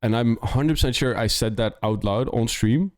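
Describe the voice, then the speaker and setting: A man's voice: mid-range voice, normal speed, a little mellow, no room sound, studio quality. A young man from the Netherlands with a Dutch accent, chatting casually on a live stream while reviewing demos, rambling with lots of "like" and restarts.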